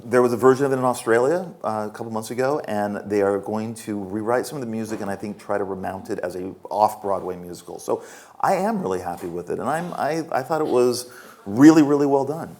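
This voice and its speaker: A man's voice: fairly low pitch, lively intonation, fairly quick, darkish tone. A man in his fifties, an author answering audience questions at a festival with frank, self-mocking stories. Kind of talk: candid storytelling at a festival Q&A. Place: festival stage before an audience.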